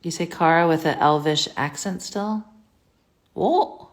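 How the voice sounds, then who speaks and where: A woman's voice: on the low side, measured pace. A woman hosting a casual livestream from home into a phone, chatty and scattered, reading viewer comments aloud and answering them.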